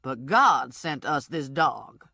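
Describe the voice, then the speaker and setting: A woman's voice: very deep voice, big pitch swings, slow, creaky, pushed and bright, no room sound, clean studio sound, voice pushed down, full character voice. A woman voicing a brash, bossy female sidekick who talks sassy and blunt.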